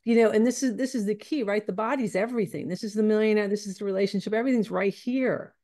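A woman's voice: mid-range voice, fast talker, mellow. A woman guest teaching spiritual ideas in conversation, earnest and searching, often restarting her phrases.

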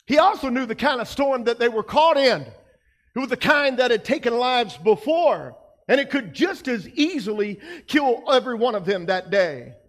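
A male pastor preaching a sermon, emphatic, his delivery swinging between soft passages and loud ones. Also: very high voice, lively intonation, moderate pace, big-room sound. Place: church sanctuary.

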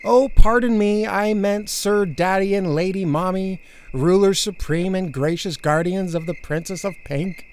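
A woman reading aloud and voicing an excitable, bossy little girl who plays at being a princess. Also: medium pitch, measured pace, voice pushed up, natural voice. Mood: pleading, grand. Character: playful imaginative little girl pretending to be a princess.

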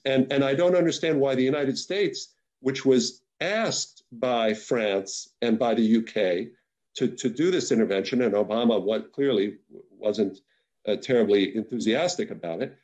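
At a moderate pace and medium pitch, a man with a darkish tone speaks off the cuff on a policy webinar panel. He is earnest and emphatic but trips over himself, restarting and repeating words.

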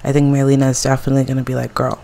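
A woman's voice: very deep voice, monotone, racing, creaky, warm tone. A woman hosting a casual let's play, chatting gossipy commentary over her game and laughing often.

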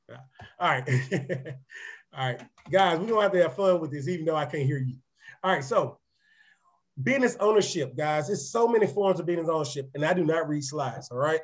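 A man with a raspy voice gives a live-streamed motivational business presentation, energetic and chatty, often checking in with his listeners. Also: on the high side. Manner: energetic, conversational, often asks "right?"; repeats words and restarts sentences. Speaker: real estate presenter.

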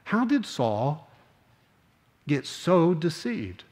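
Older pastor preaching in a reverberant sanctuary. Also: male voice, fairly high pitch, big pitch swings, darkish tone. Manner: earnest, slows down on key phrases, conversational asides. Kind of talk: sermon. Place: church sanctuary.

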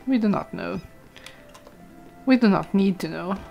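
A woman's voice: medium pitch, lively intonation, gravelly, dull audio. Woman, young adult, mid-range voice, chatty, exclaiming, faint background music. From Brazil. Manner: chatty, quick to exclaim, reads chat aloud. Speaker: streamer. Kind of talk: casual gameplay commentary.

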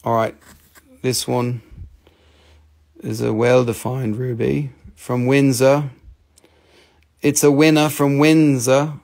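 A man's voice: medium pitch, level tone, takes it slowly, gravelly, long pauses, darkish tone. A man hosting a casual live-stream crystal sale, joking and swearing freely as he shows the stones.

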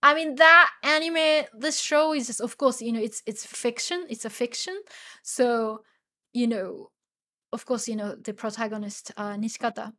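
A woman with a Japanese accent hosts a relaxed livestream lesson, sounding a bit tired. Her voice sits a little high. She talks in a chatty, rambling way, full of fillers. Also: moderate pace. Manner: chatty, many fillers, laughs often, spells out words. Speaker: Japanese language teacher.

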